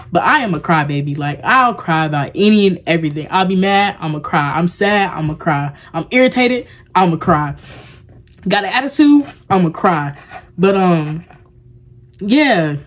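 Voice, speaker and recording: Young woman vlogger with a low, deep voice, chatty and confessional, rambling with lots of "like". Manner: rambling and heartfelt, heavy use of "like". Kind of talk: casual confessional vlog talk.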